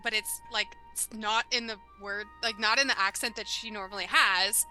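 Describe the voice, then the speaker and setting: A woman's voice: mid-range voice, steady tone, moderate pace, pushed and bright, soft background music. Hesitant woman player in a tabletop game. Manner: hesitant, with many fillers. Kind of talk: casual tabletop game play.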